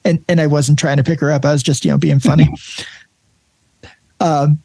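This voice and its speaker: A man's voice: a little high, very animated, normal speed, warm tone, no room sound. A man hosting an interview as an emergency nurse, telling friendly stories and often laughing. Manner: friendly storyteller, laughs often, repeats words. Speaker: podcast host, emergency nurse. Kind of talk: casual interview chat.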